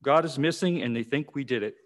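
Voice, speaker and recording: A man's voice: medium pitch, brisk, a little hiss or hum, natural voice. A man voicing a frightened eight-year-old boy in an echoing church hall. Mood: panicked.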